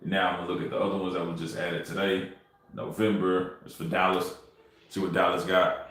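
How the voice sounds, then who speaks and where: Deep-voiced man in an echoey room. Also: little pitch movement, a little fast, fairly bright tone. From Texas. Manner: loose, talks straight to the chat in slang. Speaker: real estate wholesaler streaming cold calls. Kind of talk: casual livestream chat. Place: home room.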